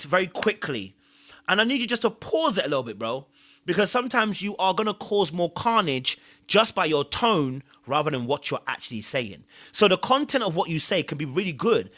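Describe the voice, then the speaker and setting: Man, live-stream recap host, chatty and repetitive, higher pitch, bright forceful tone. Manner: chatty, repeats himself, thanks viewers often; earnest advice-giving. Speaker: show host reviewing a reality series.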